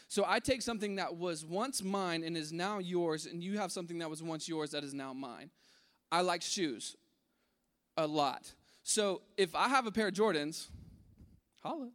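A man preaching a casual sermon to a room, animated, acting out voices in his story and dropping to a hush at key points. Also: sits high, in a large hall. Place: large room with an audience.

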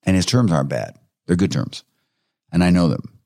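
A man with a deep, low voice works as a counselor and recounts client stories in a relaxed, conversational style. He talks with animation and chuckles between points. The sound is dry and close, with no room echo. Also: normal speed, vocal fry. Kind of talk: conversational interview storytelling.

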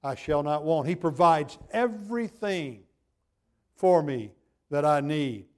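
A pastor delivers a sermon in a somewhat high voice for a man. He stacks phrases on top of one another and leans hard into each repetition. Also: lively intonation, takes it slowly, a little mellow. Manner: emphatic preaching with building repetition.

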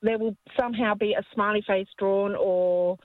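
A woman calling a radio show, telling a personal story gently and earnestly. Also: mid-range voice, fairly even intonation, moderate pace, no echo. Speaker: caller. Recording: dry tinny phone line.

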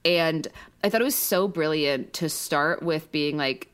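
Young woman cohosting a podcast, low voice, emphatic and really invested. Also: a little slow, fairly bright tone, smooth. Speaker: podcast co-host. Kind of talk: casual chat.

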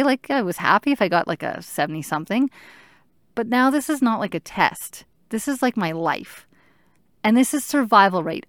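A woman in her thirties telling her own story in an earnest, halting way, stopping to search for words. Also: mid-range voice, a bit bright, dry recording, clean studio sound. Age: 30s. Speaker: patient sharing her story. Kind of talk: personal storytelling.

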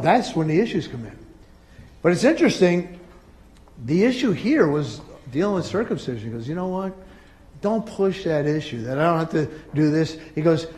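A middle-aged male pastor preaching a sermon, swinging between loud emphatic peaks and quiet asides. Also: on the high side.

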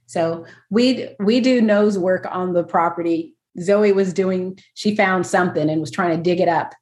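A woman's voice: fairly low pitch, normal speed, a little mellow, reverberant. A woman chatting casually as a guest, self-deprecating and laughing often as she talks. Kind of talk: casual chat.

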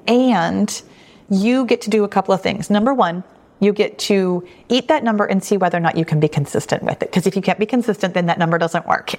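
Reassuring woman podcast host. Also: mid-range voice. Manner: warm, reassuring, conversational with frequent restatements. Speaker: podcast host, weight loss coach. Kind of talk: solo podcast answering listener questions.

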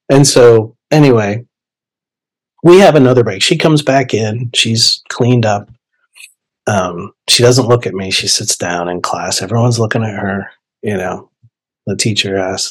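A young man casually telling a personal story, animated and chatty, acting out his own inner dialogue. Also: medium pitch, poor audio. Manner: animated, conversational, lots of fillers and quoted inner dialogue. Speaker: podcast guest storyteller.

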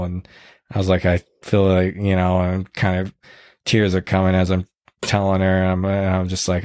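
A man casually retelling a hard race on a podcast, earnest and halting, with many restarts and quoted lines. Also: low voice, completely flat delivery, a little mellow, no room sound, clean studio sound. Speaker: podcast host recounting a race. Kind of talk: casual storytelling chat.

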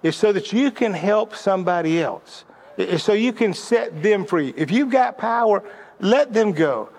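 A middle-aged man with a notably high voice delivers a sermon-style lesson on leadership. He tells personal stories and often stumbles over words, repeating them as he restarts. His teaching has a narrative flow. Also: lively intonation, normal speed, darkish tone.

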